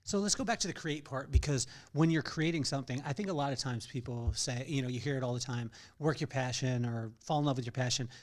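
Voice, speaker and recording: A man's voice: medium pitch, fast, hardly any pauses. A man hosting a podcast, asking conversational questions and summing up his guest's points. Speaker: podcast host. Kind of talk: interview questions.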